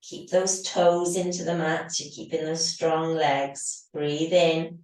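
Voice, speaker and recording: A woman teaching yoga in a slow, low voice that is slightly hoarse from losing it. She gives calm, steady breathing cues. The sound is very echoey and comes from some distance off the mic. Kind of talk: guided yoga instruction.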